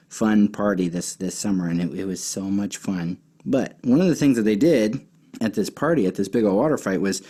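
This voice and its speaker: A man's voice: on the low side, dark tone. Chatty man telling a lesson story. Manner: chatty, with many fillers and restarts. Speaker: children's Bible teacher.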